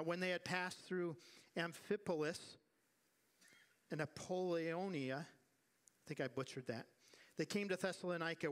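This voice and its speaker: Animated male pastor preaching a sermon. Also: fairly high pitch. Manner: animated preaching with acted-out quotes and repeated refrains. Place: church sanctuary.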